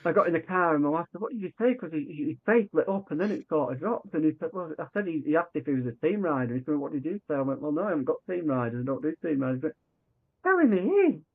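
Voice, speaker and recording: A man guesting on a podcast tells a conversational story over a narrow, tinny line like a phone call. His voice is a little high for a man and races along with few pauses. He's animated, acting out every quoted line amid many restarts and false starts.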